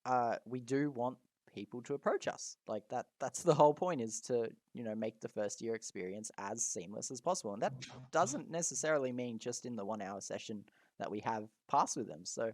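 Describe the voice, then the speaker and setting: A young man co-hosts a casual podcast in an upbeat, encouraging way, quick to laugh. His voice is mid-pitched and sounds dry and close, with no room echo. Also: lively intonation, a little mellow. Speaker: podcast co-host.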